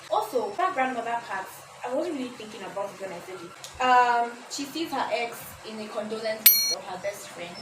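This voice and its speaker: A woman vlogger reading her own fan fiction aloud, breaking off to react, joke and swear casually. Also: fairly high pitch. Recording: roomy echo, distant mic, noisy.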